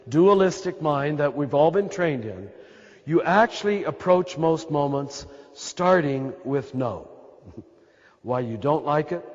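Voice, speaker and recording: A man's voice: a little high, a little mellow, big-room sound, muffled recording. A man with an American accent, a Catholic priest giving a spiritual talk to a live audience in a throaty voice. He is emphatic and repeats his points, speaking straight to his listeners. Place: large hall with an audience.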